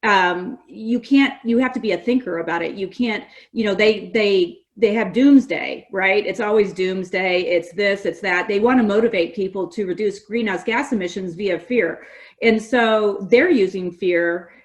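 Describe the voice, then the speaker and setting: A middle-aged woman chatting as a podcast guest, animated and opinionated. She tells stories and slips into lively voices for the people she quotes. Her pitch sits in a plain middle range. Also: moderate pace. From California. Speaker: guest, gas industry association representative. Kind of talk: conversational podcast interview.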